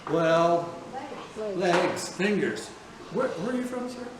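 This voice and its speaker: Slow yet animated, a high-pitched man gives a group tour of a distillery, moving through the warehouse and tasting room. He's friendly and folksy, repeatedly checking with "okay?" and "all right?", in a noisy, distant recording.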